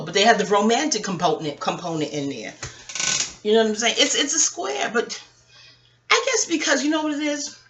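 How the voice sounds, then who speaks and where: A woman vlogger at home, talking in a rambling casual monologue full of profanity and laughter as she reviews reality TV. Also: medium pitch. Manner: profane, animated ranting with frequent laughs.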